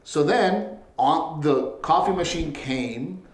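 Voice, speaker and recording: A man's voice: a little high, lively intonation, slow pace, echoey room. A man co-hosting a podcast in a casual chat, telling stories with lots of laughter and swearing. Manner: laughing, swearing storyteller, quotes his wife. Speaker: podcast co-host. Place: home studio.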